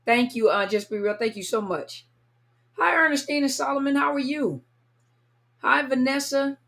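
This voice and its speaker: A woman hosting a casual live stream, greeting viewers one by one and sounding a little tired. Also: fairly high pitch. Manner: warm, chatty, reads viewer names aloud. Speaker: livestream host greeting viewers. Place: at home, California.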